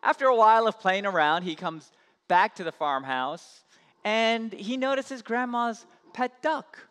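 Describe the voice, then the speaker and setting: A male pastor preaches, spinning a story with a lively, swooping delivery. His voice sits a little high for a man. A long church-hall reverb follows him. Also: measured pace, clear, resonant tone. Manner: animated storyteller. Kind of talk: sermon.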